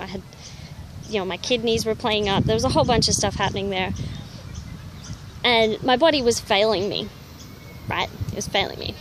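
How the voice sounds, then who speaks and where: Young female fitness vlogger, animated casual storytelling, outdoor noise behind her. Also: mid-range voice. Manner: animated, chatty, heavy on "you know" fillers. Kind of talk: casual personal storytelling to camera.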